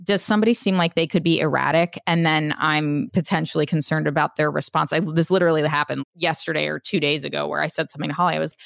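A young adult woman hosting a podcast in casual chat, frank and quick to laugh, swearing freely. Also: low-pitched, fairly even intonation, vocal fry, no room sound, studio quality. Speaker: podcast host.

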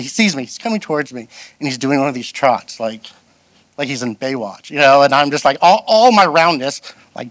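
With a mid-range voice and no room sound, this middle-aged guest pastor delivers a sermon built on funny personal stories. He's animated and self-deprecating, performing the voices of the people he quotes.

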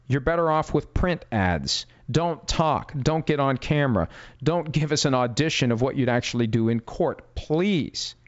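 A man's voice: medium pitch, no room sound. A man giving blunt, emphatic legal commentary with a sarcastic edge. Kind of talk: opinionated commentary. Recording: dull lo-fi dry audio.

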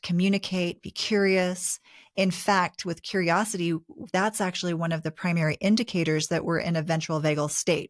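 A woman co-hosting a relationship advice talk show, explaining in a calm, measured way. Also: on the low side, no room sound, studio quality. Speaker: co-host.

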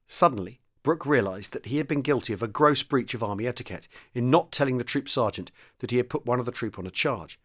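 A man reads a wartime novel aloud in a steady, mid-pitched voice. His narration stays even, and his voice rises in pitch and volume whenever a character speaks. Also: quick pace, few pauses.

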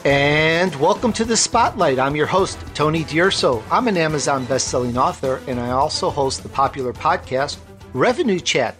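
A man's voice: on the high side, expressive, normal speed, music in the background. A man hosting a talk show, introducing guests with enthusiasm. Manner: enthusiastic, exclaiming. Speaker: host. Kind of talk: upbeat podcast hosting.

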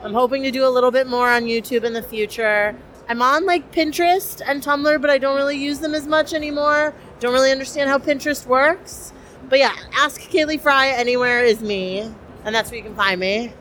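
A woman's voice: high-pitched, steady tone, brisk, a bit bright, slight background noise. A young woman cosplayer, chatty and enthusiastic with many fillers, interviewed at a convention. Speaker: cosplayer guest.

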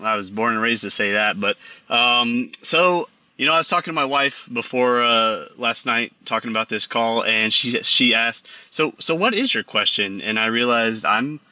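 A man's voice: mid-range voice, normal speed, pushed and bright, no room sound. A man in his thirties with a Texan accent, calling in to a radio show and speaking hesitantly, often repeating words. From Texas. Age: 30s. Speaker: caller. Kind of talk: phone-in conversation. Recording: lo-fi phone line.

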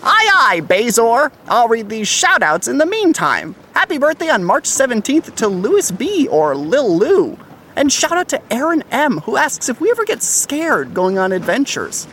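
Zany, chipper first mate. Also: female voice, on the high side, very animated, a bit bright, a little hiss or hum. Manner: chipper, zany and fast-talking. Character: goofy, eager first mate named Jimmy. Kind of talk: scripted kids' comedy podcast.

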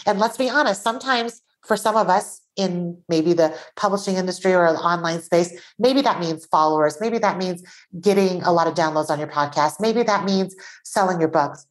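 A Taiwanese-born woman, an author and podcast guest, talking earnestly in an animated conversational way. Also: fairly low pitch, moderate pace, few pauses, rough recording.

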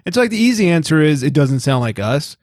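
A man's voice: fairly high pitch, fairly quick, no echo, clean studio sound. Man hosting a laid-back chat show. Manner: relaxed, joking, runs the segments. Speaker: podcast host. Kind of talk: casual chat.

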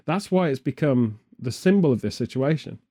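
A man from the UK chats casually in an expressive, mellow mid-range voice at moderate pace. Keeping a straight face, he spins meandering, absurd comic tangents.

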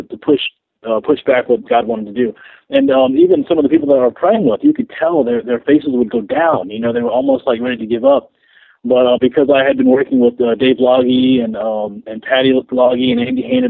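A man, a guest minister, telling a story over the phone in an animated way, repeating his words and laughing as he goes. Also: high-pitched, creaky, dry recording. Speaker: podcast guest, street minister. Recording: tinny phone line.

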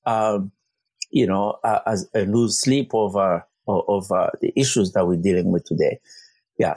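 A man's voice: on the low side, darkish tone, dry recording. A man working as a community organizer, answering interview questions earnestly with frequent fillers and restarts. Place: Vancouver.

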